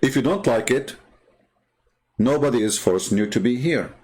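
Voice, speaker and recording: A man's voice: mid-range voice, lively intonation, moderate pace, darkish tone. A man hosting a livestream, talking in a blunt, sarcastic and scornful way. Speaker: livestream host. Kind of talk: combative livestream commentary.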